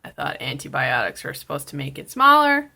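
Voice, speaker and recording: A young woman from Canada hosting a casual nail tutorial vlog while sick and in pain, speaking quietly and rambling with many fillers and apologies. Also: deep voice, sing-song, brisk, gravelly. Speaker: host of a nail art channel.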